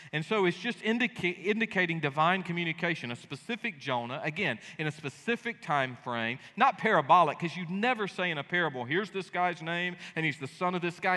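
Bright-voiced pastor in a reverberant hall. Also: male voice, fairly high pitch. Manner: emphatic, folksy and joking. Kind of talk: sermon. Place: church sanctuary. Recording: long reverb of a large hall.

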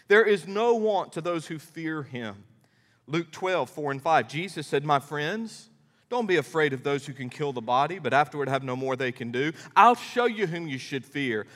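A middle-aged male pastor preaching a sermon in a folksy, animated storytelling manner. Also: sits high. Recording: long hall reverb.

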